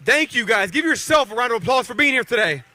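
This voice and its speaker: A professional boxer in his thirties from Beaver County, in western Pennsylvania, gives a rousing rally speech, trading call-and-response with the crowd. His voice is very high, lively, bright, and pushed, and he talks fast.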